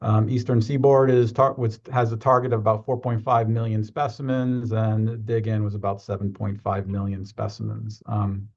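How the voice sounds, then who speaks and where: A man's voice: fairly low pitch, little pitch movement, moderate pace, few pauses, darkish tone, muffled recording. A man presenting in a webinar, hesitant, repeating and restarting words as he explains. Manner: hesitant, with frequent restarts and fillers.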